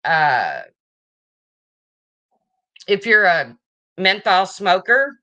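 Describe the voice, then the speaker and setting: A woman's voice: fairly low pitch, sing-song, extremely slow, pushed and bright. A woman hosting a casual livestream, chatting and answering viewer comments as they come in. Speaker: livestream host.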